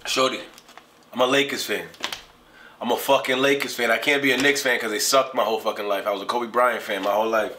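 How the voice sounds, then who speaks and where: Young male vlogger, bright tense tone, profane and animated, unboxing on camera. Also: medium pitch, fast talker, slight background noise. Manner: animated, profane, swings from griping to hyped. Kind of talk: casual unboxing vlog.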